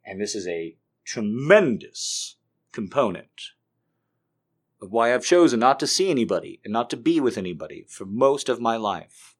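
A man giving an intense confessional monologue, swinging between hushed and loud. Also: mid-range voice, sing-song, normal speed, husky.

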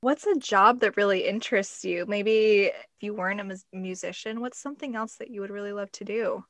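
A woman's voice: mid-range voice, a little fast. A woman hosting a podcast, asking a guest questions and reading the outro. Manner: brief reactive interjections, friendly questions. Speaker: podcast host. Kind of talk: interview and outro.

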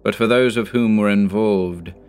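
Guy in his 30s reading a horror story, real low voice, slow grave delivery. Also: a little mellow, clear, resonant tone, faint music behind. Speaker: narrator. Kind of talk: scripted horror story narration.

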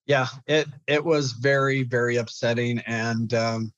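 A young man, a therapist, telling a painful personal story in an interview, halting and repeating words as he goes. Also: mid-range voice, fairly even intonation, a bit bright, no echo, highs cut off. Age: young adult. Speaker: guest, clinical therapist.

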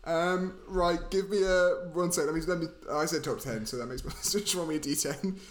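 A man's voice: fairly high pitch, fairly quick. A man co-hosting a comedy podcast, rambling playfully and laughing often. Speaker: podcast co-host. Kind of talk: casual comedic chat.

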